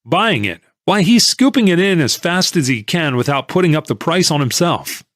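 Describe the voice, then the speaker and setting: A man voicing an excitable, pushy male stock tipster in an audiobook, pressing his point insistently. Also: fairly high pitch, moderate pace, no room sound, studio quality, voice pushed up.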